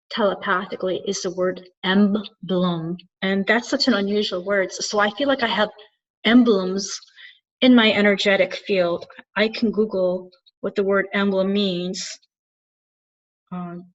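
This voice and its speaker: Her voice medium-pitched and a little bright, a woman who channels spirits and coaches souls addresses the camera alone. She's sincere and muses as she goes, captured in dull, lo-fi audio.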